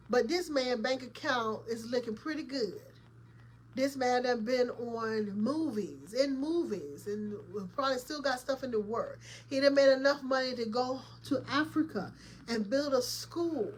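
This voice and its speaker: Chatty, opinionated woman host, slightly high. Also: a little hiss or hum. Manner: chatty, opinionated, laughs often, addresses viewers directly; colloquial, emphatic. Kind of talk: casual commentary vlog.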